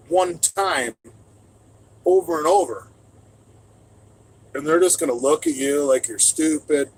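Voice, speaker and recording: A middle-aged man, a trucker, in casual storytelling chat, loud and profane and given to sudden shouts, talking from inside his truck cab. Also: a little high, unhurried, long pauses, husky, poor audio. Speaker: streamer answering chat.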